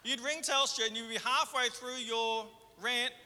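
A man preaching a sermon in a conversational way, moving between fervent and hushed. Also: extremely high pitch, fairly even intonation, measured pace, a little hiss or hum. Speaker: pastor. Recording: hall reverb.

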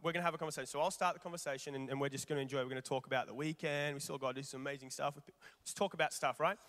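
A man preaching a sermon, animated and conversational, putting rhetorical questions to his congregation. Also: medium pitch, rapid-fire. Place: large church hall. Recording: long reverb of a large hall.

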